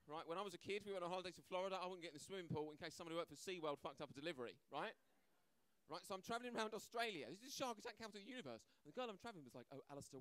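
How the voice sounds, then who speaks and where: A man's voice: fairly high pitch, fairly bright tone, no echo. A man performing a stand-up comedy set, brash and conversational, acting out voices and often asking "right?". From Britain. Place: comedy club stage, live audience.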